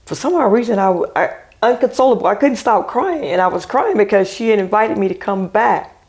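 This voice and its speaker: A middle-aged woman who is a podcast guest, speaking softly and reflectively in casual chat. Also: mid-range voice, animated, fairly quick.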